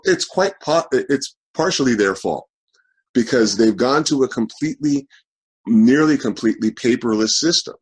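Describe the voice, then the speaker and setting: Husky-voiced man hosting a video call. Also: medium pitch, a little mellow. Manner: halting, full of fillers and restarts. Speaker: host of an online forum.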